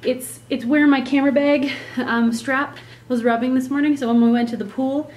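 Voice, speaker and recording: A woman's voice: high-pitched, steady tone, normal speed, a little mellow. A woman vlogging casually about her vacation, chatty and playful, often laughing. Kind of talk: casual travel vlog. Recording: echoey room, faint noise.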